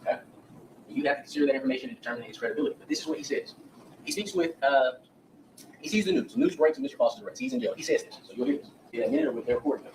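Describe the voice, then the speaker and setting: A man's voice: a little high, wildly swooping pitch, very fast, darkish tone, recorded from a distance, a little hiss or hum, low-quality recording. A man giving a defense opening statement to a jury in a courtroom, speaking straight to the jurors and acting out what witnesses said. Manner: addresses jurors directly, acts out witness quotes. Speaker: defense attorney.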